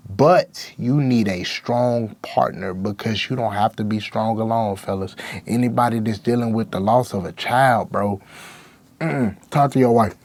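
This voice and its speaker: A man's voice: fairly low pitch, measured pace, darkish tone. A young man, a rapper guest, talking candidly and emotionally in slang-heavy speech. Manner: raw, emotional, slangy with constant "bro". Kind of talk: candid interview talk.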